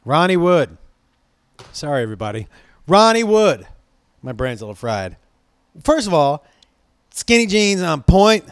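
Brief: rambling, profane male storyteller from Los Angeles, slightly high voice, dry close sound. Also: dry recording. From Los Angeles, USA. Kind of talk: casual storytelling.

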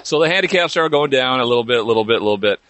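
An easygoing man guest speaking at a brisk clip, with a mid-low voice and small "uh" pauses. The recording is dry and close. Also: expressive, a bit bright, no room sound. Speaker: guest, former football player. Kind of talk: relaxed interview storytelling.

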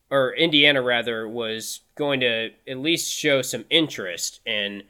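Bright-voiced man hosting a sports podcast. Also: medium pitch. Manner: conversational, upbeat, thinks aloud with restarts. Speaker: podcast host. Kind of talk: casual sports podcast chat.

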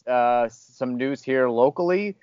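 A man's voice: mid-range voice, slow pace, a little mellow, clean tone, dry recording. Casual guy hosting a podcast, rambly and self-deprecating, dry kinda dull recording. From Louisville, Kentucky area. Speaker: podcast host, fired radio host.

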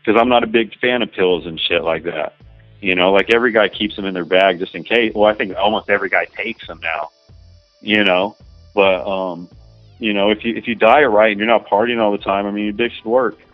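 Deep-voiced crude rambling man. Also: steady tone, brisk, dry recording, dull audio, soft background music. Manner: rambling, crude, peppered with "you know" and "man". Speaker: adult film performer guest. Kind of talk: casual interview talk.

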